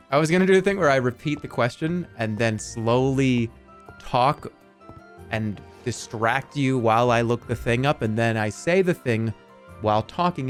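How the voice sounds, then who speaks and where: A man streaming live in casual chat, rambling and swearing, and now and then acting out scenes in loud put-on voices. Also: mid-range voice.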